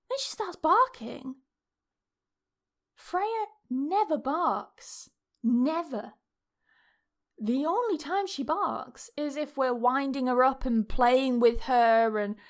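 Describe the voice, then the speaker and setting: A woman's voice: high voice, fairly bright tone. A young woman, hosting a podcast and telling a story in a rambling, chatty way, swearing freely and laughing often. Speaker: podcast host. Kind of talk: casual storytelling monologue.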